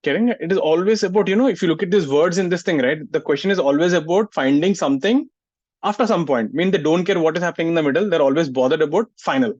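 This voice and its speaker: A man's voice: fairly high pitch, quick pace, a little mellow, no room sound. A male physics teacher, lecturing a class and scolding students who don't listen. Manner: scolds students, asks "getting it?" often. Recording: muffled, dry sound.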